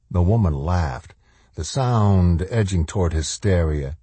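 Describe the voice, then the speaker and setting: A man narrating an audiobook in a measured, grave way with a close studio mic. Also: low-pitched, expressive, warm tone, husky, dry recording.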